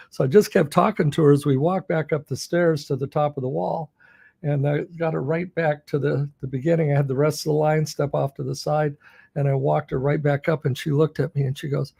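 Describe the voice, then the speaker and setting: A man's voice: a little high, steady tone, brisk, vocal fry, mellow, breathy edge, no room sound. A man co-hosting a podcast, telling a story in a casual chat and chuckling often. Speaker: podcast co-host.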